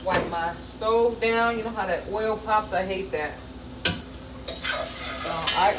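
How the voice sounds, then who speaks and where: A woman's voice: medium pitch, slow pace, pauses often, heavy background noise. A middle-aged woman chatting casually while she cooks at home, earthy and a little profane, drifting into stories. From American South. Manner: chatty, earthy and profane, with folksy grammar and storytelling tangents. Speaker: home cook vlogger. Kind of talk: casual cooking vlog chat. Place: home kitchen. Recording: echoey kitchen, mic at a distance, sizzling pan.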